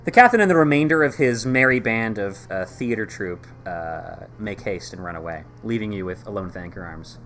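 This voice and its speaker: A man's voice: fairly low pitch, expressive, brisk, few pauses. A man running a tabletop game, narrating casually and stopping often for fillers. His voice moves up and down a lot, with faint noise in the background. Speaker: game master.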